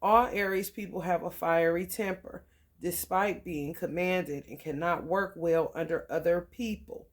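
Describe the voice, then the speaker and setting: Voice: mid-range voice, moderate pace. An astrology channel host giving a casual reading, reading passages aloud and breaking off into slangy, profane side comments.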